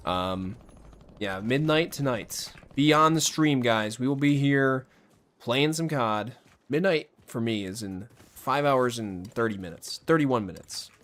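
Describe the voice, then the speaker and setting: A man's voice: medium pitch, a bit bright. A man chatting casually with viewers on his livestream while he plays a shooter, joking and talking straight to his audience. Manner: chatty, jokey, talks to viewers directly. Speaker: game streamer. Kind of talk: casual livestream chat over gameplay.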